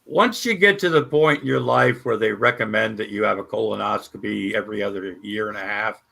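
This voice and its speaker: An older man in a casual chat, talking in an easygoing, halting way with many restarts. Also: on the low side, creaky, pushed and bright. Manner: easygoing, halting, stacks repeated starts.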